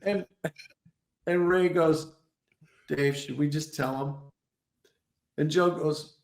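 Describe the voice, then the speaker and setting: A man, a comedian guest from Detroit, telling animated stories and slipping into voices. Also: a little high, slow pace, creaky, long pauses. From Detroit, Michigan. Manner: animated, lots of voices and laughs. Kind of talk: storytelling with impressions. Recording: roomy echo.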